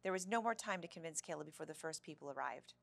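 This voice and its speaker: Gravelly-voiced woman reading a children's story. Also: deep voice, expressive, fast talker, no room sound. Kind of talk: reading a children's novel aloud.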